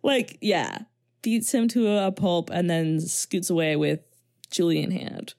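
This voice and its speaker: A young woman gives her frank take on a movie in casual chat. Her voice is dark and mellow, and she laughs easily. The recording is dry and close. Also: lowish voice, no echo. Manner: blunt, opinionated, quick to laugh.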